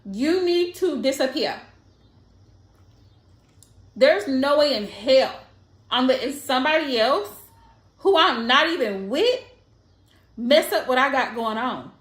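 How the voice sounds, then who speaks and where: Emphatic high-voiced woman, echoey room. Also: lively intonation, takes it slowly, long pauses, fairly bright tone. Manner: blunt, emphatic, repeats lines for effect. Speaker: tarot reader. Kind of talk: casual advice monologue.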